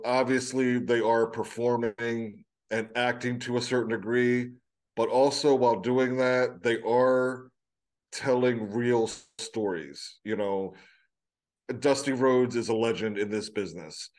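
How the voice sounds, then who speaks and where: A man talking casually about wrestling, thinking aloud with hesitant fillers. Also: medium pitch. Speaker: podcast co-host.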